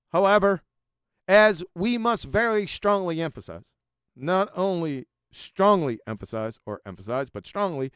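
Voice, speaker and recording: A man with a high, very animated voice reads quoted passages emphatically, then breaks in with sarcastic, mocking remarks. His asides sink to a low mutter. The sound is smooth and resonant, recorded dry and close. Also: no room sound. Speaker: channel host. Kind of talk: commentary over quoted slides.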